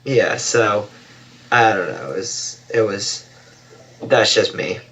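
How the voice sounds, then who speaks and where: A man's voice: on the low side, expressive, takes it slowly, fairly bright tone, muffled recording. A man co-hosting a casual chat show, rambling and heavy on filler words. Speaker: podcast co-host.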